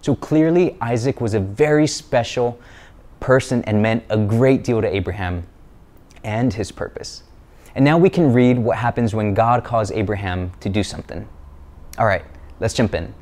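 This is a man preaching to his congregation in a mid-pitched voice. He teaches earnestly and stresses his key points, then slips in light, playful jokes. His delivery stays direct and conversational. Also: normal speed, darkish tone. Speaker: church speaker. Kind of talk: sermon-style teaching video.

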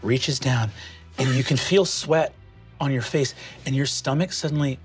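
A man narrating as game master of a tabletop game, animated and quick to laugh. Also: medium pitch, husky, faint music behind. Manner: animated, lively, breaks into laughter.

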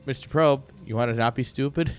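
Fairly quick and medium-pitched, this young esports caster talks right to his viewers while calling a live match with excitement and jokes. Faint music plays behind him.

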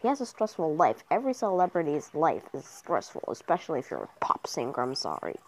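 A woman's voice: low-pitched, wildly swooping pitch, fairly quick. A young woman commentating her mobile game casually, cheering and trash-talking other players. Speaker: gamer commentator.

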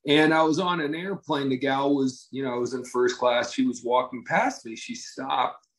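A man's voice: medium pitch, expressive, normal speed, fairly bright tone, low-quality recording. A man leading a company, giving an enthusiastic, conversational motivational talk to his team.

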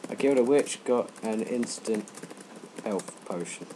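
A teenage boy rambling and joking through gaming commentary, breaking into sudden loud yelps. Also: lowish voice, takes it slowly, background noise. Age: teens. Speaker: let's play gamer.

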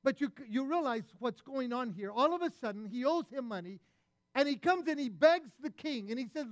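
A man preaching a sermon as pastor, retelling a parable and acting out its voices with animated delivery. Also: extremely high pitch, brisk, dry recording.

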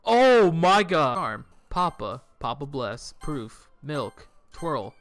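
A young man reacting loudly to a horror visual novel, his voice lively and swinging between low mumbled reading and startled high shouts. He curses freely and jumps between reading the on-screen lines and blurting reactions, with faint music playing under him. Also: slow. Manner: excitable, swears a lot, reads game text aloud then reacts with sudden shouts. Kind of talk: let's play commentary.

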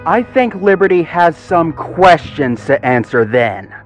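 Man putting on a nervous dog voice, high and kinda loud, lots of questions. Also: sing-song, measured pace, faint music behind, exaggerated voice. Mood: worried. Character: worried male dog, puzzled, anxious.

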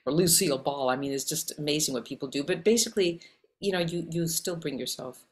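A woman from Canada with a Canadian accent, an actress and acting coach talking animatedly in an interview, often rattling off lists. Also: sits low. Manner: animated, talks in quick lists. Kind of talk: casual interview conversation.

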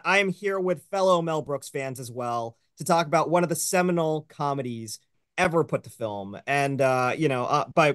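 A man's voice: mid-range voice, a bit bright, clean tone, dry recording, clean studio sound. A man hosting a casual film review show over a video call, rambling with plenty of fillers. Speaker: host.

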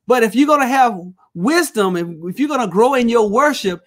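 A man's voice: extremely high pitch, lively intonation, fairly quick, fairly bright tone. A male pastor teaching a Bible study, preaching with call-and-response phrases and reading scripture aloud.

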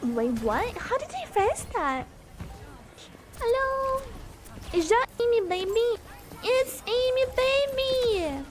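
A young woman streaming a game, chatting casually, sleepy, chatty and loudly reacting to the play. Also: very high-pitched, very animated, slow pace, long pauses, over music. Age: young adult. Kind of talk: casual gameplay chat.

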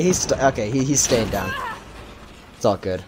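A young man commenting on his gameplay with loud, panicky, swearing outbursts. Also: medium pitch, big pitch swings, normal speed, faint music behind. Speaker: gamer streamer.

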